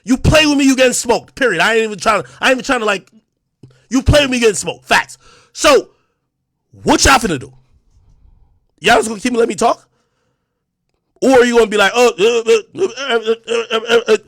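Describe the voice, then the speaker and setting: Male streamer host, high voice, loud profane trash talk dropping to low mutters. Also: expressive, a little fast, long pauses, no echo, clean studio sound. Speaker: livestream host. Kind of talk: ranting livestream talk.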